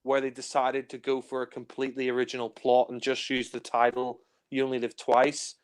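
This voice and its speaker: Chatty young man, smooth voice. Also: medium pitch, monotone, fairly quick. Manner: chatty, many fillers, acts out scenes in silly voices. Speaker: film reviewer. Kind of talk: casual film discussion.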